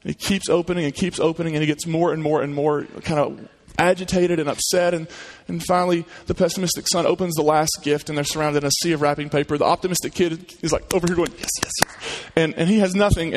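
Male pastor with a slightly higher voice, delivering a relaxed, conversational sermon with restarts. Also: quick pace, few pauses. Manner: conversational storyteller with repeated restarts. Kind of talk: sermon and prayer.

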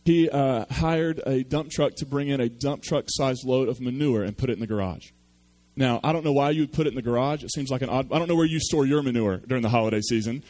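A man's voice: medium pitch, fast talker, dark tone. A man preaching a sermon, telling a story with self-deprecating humor. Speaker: pastor.

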